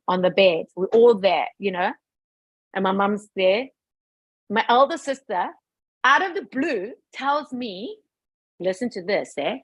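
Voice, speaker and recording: Woman guest, husky mid-pitched voice, lively storyteller, dry close sound. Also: dry recording, low-quality recording. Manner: animated, acts out quoted dialogue. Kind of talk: casual storytelling chat.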